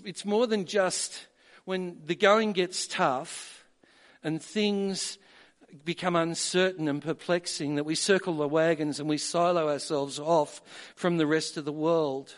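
A man preaching a sermon, measured at first and building to emphatic peaks. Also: fairly high pitch, steady tone. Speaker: pastor.

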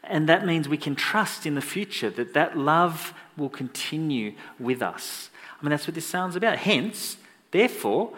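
A man preaching a sermon in a lively, conversational way, joking with the congregation. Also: on the high side, a little slow, in a large hall. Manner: animated, conversational, jokey asides to the congregation.

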